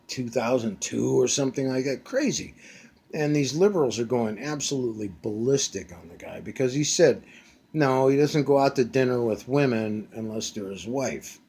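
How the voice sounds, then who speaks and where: Husky blunt man in his fifties. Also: mid-range voice, a little mellow. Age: 50s. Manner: blunt, profane, rambling. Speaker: vlogger. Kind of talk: casual ranting monologue. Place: back bedroom at home.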